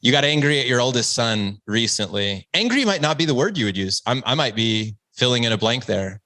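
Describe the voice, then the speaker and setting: A man's voice: medium pitch, big pitch swings, brisk, pushed and bright, dry recording. Male podcast host, earnest and encouraging, close dry mic. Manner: earnest, encouraging, addresses listeners as guys. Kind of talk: interview podcast.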